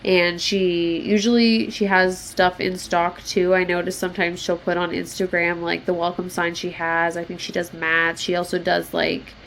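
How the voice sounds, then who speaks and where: A woman's voice: fairly low pitch, little pitch movement, normal speed, hardly any pauses, fairly bright tone, slight background noise. Woman in her twenties, solo podcast host, loose and chatty, swears a lot, self-mocking. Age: 20s. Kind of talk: casual solo podcast chat.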